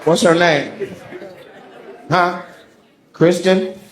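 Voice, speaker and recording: A brash male comedian works the crowd on a big stage, teasing and swearing freely. His voice sits fairly high for a man. He talks into a handheld stage mic. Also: steady tone, extremely slow. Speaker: stand-up comedian. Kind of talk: crowd work stand-up. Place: large comedy venue on stage.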